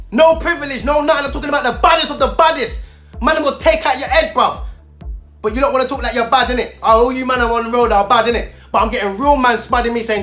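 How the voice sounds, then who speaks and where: Speaking straight to camera, a male youth mentor delivers a fired-up, preachy rant in street talk aimed at young people, hammering points through repetition. His pitch is extremely high and a bit bright.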